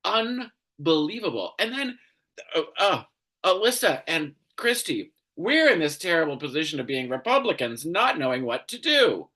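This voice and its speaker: A man's voice: fairly high pitch, sing-song, normal speed, sharp tone. A man hosting a commentary show, ranting angrily with lots of swearing and exasperation. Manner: angry, profane, exasperated.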